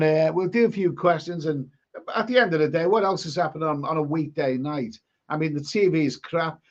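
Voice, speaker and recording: A man hosting a casual live stream, reading viewer comments aloud and rambling, often repeating words and restarting his sentences. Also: fairly high pitch. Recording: dull lo-fi sound.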